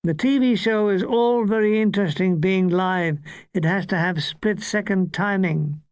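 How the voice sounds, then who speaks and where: An older man reading his own comic war memoir in a wry, deadpan way. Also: high-pitched, unhurried, clean tone, no room sound.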